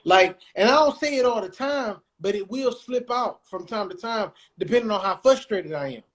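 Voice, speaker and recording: A man's voice: sits high, expressive, moderate pace. A man hosting a podcast, chatting casually and animatedly in laid-back slang. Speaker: podcast host.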